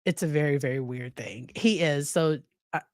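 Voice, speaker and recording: Speaking at a moderate pace in a low voice, the psychologist continues her casual livestream commentary on a court case, talking to chat members by name amid frequent fillers and restarts. The recording is dry and studio quality.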